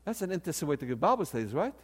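An older man in his sixties preaches a story, his voice sitting a bit high for a man. He talks in an animated way, often stumbling and restarting his words as he goes. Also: racing, slightly rough. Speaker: preacher and theology professor. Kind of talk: storytelling sermon.

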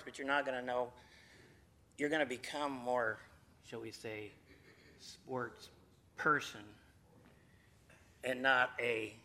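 A man's voice: fairly high pitch, pushed and bright. A man giving an informal Bible lesson, folksy and chatty, with playful asides to his listeners. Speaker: Bible teacher. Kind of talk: informal sermon to a group.

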